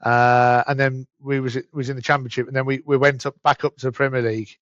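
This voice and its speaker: A man's voice: mid-range voice, level tone, fairly bright tone, no echo, dull audio. A man with a Birmingham accent, a podcast guest talking casually with stumbling restarts. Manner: chatty, stumbling restarts, rushed bursts. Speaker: podcast guest, events company director. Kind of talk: casual interview chat.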